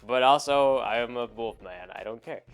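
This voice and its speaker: A man voicing a huge, dim-witted male wolf man who speaks in slow, halting, simple words. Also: medium pitch, clear, resonant tone, faint music behind, voice pushed down, natural voice. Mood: dim, agreeable.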